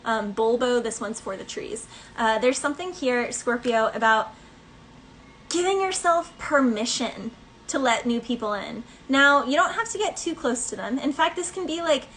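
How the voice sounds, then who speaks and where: In a low-quality recording with a little hiss or hum, a female tarot reader gives a casual collective reading. Her fairly high, slightly bright voice moves at a moderate pace, animated and chatty, rambling with plenty of fillers and breaking into snatches of song.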